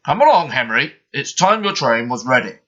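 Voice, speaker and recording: A man's voice: fairly high pitch, very animated, unhurried, bright, forceful tone, lo-fi sound, exaggerated voice. A man voicing a stout, fussy railway boss for a storybook, firm and commanding. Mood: stern.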